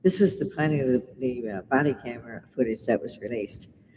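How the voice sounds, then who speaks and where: A woman's voice: rumbling low, a little fast, dark tone. Middle-aged british-born woman ranting and cursing on a live stream, roomy reverb, bit of hiss behind her. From Britain. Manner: blunt, swearing, ranting. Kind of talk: casual livestream chat. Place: home bar.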